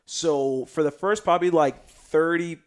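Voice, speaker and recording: A man from South Sudan, a podcast guest telling a story in casual chat. He is animated and slangy, and swings between loud bursts and hushed asides. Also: on the high side, a little slow, clear, resonant tone.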